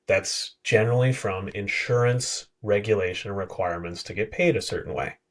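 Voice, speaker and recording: A man's voice: lowish voice, moderate pace. A man appearing as a podcast guest, explaining with detailed examples and blunt asides. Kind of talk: conversational podcast discussion.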